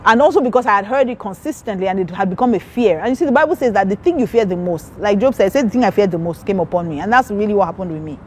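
Woman, preacher sharing a testimony, animated storyteller who acts out voices, mid pitch, faint traffic behind. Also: racing, hardly any pauses. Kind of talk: testimony sermon.

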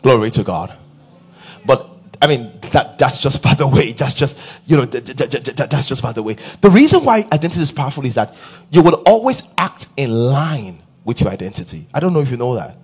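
A man preaching a sermon, asking the congregation questions and building to emphatic shouts. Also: medium pitch, very animated, fairly quick, breathy edge, soft background music. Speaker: pastor.

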